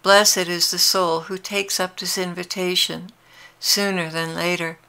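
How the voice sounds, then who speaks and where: Woman voicing Jesus, tender longing man, earnest and intimate, flat steady delivery, gravelly low tone. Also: a little slow, full character voice. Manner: earnest, intimate, gently pleading. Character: tender, longing adult male Jesus addressing his brides. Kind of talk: devotional prophetic dialogue.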